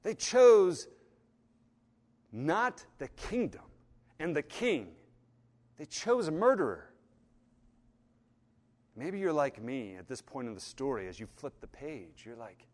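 A man preaching a sermon, telling the story and acting out the voices in it, going from hushed and low to loud and fervent. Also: big pitch swings, slow, long pauses. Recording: long hall reverb.

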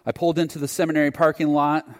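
A man's voice: on the high side, little pitch movement, very fast. Earnest male preacher in a reverberant hall. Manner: earnest, reflective storytelling. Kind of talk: sermon testimony storytelling.

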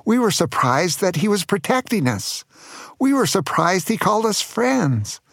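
Unhurried grandpa telling a playful story. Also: male voice, high-pitched, big pitch swings, vocal fry, fairly bright tone, no echo, studio quality. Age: older. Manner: playful, dramatic, joking. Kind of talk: children's storytelling narration.

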